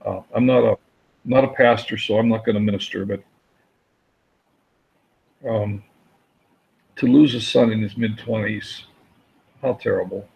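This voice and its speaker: A man's voice: on the low side, fairly even intonation, measured pace, vocal fry, long pauses, darkish tone, highs cut off. A man co-hosting a casual live show, talking earnestly and rambling with many fillers and restarts. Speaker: co-host of a daily live show. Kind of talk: casual live-stream chat.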